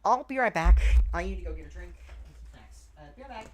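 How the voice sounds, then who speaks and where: A man's voice: high-pitched, lively intonation, a little fast. A man streaming a game in casual, rambling commentary, swearing often and stuttering. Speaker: gaming streamer.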